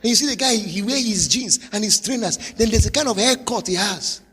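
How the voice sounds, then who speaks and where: A man with a Nigerian accent, a pastor giving a motivational sermon with forceful, repetitive exhortation. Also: sits high, a little fast, breathy edge. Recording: long hall reverb.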